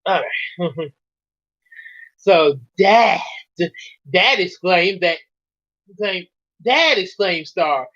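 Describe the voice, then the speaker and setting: A man's voice: sits high, drawn-out words, long pauses, fairly bright tone. A man casually reading a story aloud and chatting about it, giggling and rambling as he goes. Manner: giggly, rambling, laughs often. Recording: dull lo-fi recording.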